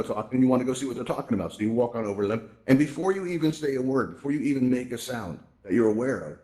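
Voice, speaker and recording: A man's voice: medium pitch, darkish tone. A man, married and middle-aged, giving a casual, rambling presentation in a virtual reality space, with lots of fillers and asides. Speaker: VR event presenter. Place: virtual reality social space, headset mic.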